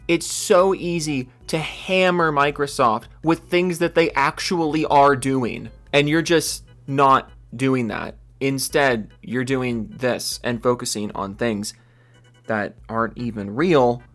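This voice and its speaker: A young man from Seattle rants sarcastically about gaming news, swearing often. He then rattles off a long list of supporter names, breaking in with loud yelps. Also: medium pitch, slow, soft background music. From Seattle, USA. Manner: exasperated, profane and sarcastic, with sudden loud yelps. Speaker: gaming YouTuber. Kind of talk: ranting commentary and reading out supporter names.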